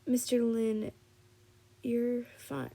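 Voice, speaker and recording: A tired woman reading a young man's lines in a fan fiction story, slowly and with frequent restarts. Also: on the high side, animated, dark tone, exaggerated voice. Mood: earnest.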